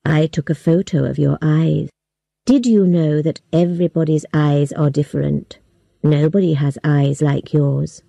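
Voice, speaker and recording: A woman's voice: low-pitched, fairly even intonation, unhurried, creaky, dark tone, no echo, pitched below the performer's own voice, full character voice. A woman voicing a mean, pushy older man who insists on marrying a girl. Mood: smug.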